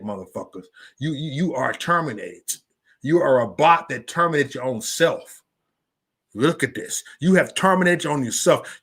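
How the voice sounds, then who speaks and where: A man's voice: medium pitch, a bit bright, breathy edge. Profane, heated man ranting on a livestream. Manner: profane, heated, repetitive, stammers into restarts; reads out live chat comments. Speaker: livestream host. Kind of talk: angry livestream rant.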